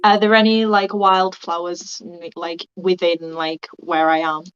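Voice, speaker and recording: A woman's voice: fairly low pitch, flat delivery, unhurried, fairly bright tone, clear, resonant tone. A woman playing in a tabletop role-play, speaking hesitantly and stammering. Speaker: player. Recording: dull lo-fi mic.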